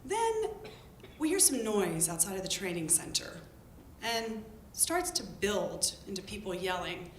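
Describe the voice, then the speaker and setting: A woman telling a lively story about her field work to an audience. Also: a little slow. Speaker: public health worker telling a story. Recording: echoey room with faint rumble.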